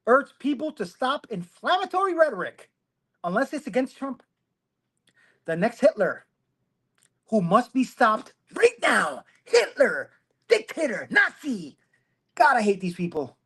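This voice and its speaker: A man's voice: extremely high pitch, wildly swooping pitch, unhurried, long pauses, a bit bright, husky. Rambling self-mocking man on a phone. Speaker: host. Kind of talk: casual commentary livestream.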